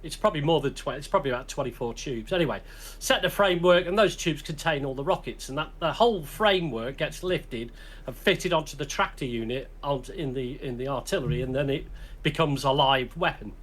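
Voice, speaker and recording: High-voiced British man telling a rambling story. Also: fairly quick, fairly bright tone. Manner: chatty storyteller who laughs often and restarts sentences. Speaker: podcast host. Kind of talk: casual chat, rambling anecdote.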